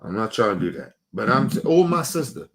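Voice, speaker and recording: A man's voice: medium pitch, big pitch swings, brisk, vocal fry, fairly bright tone. A man, hosting and ranting in a heated, profane, repetitive way, casual monologue. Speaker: show host.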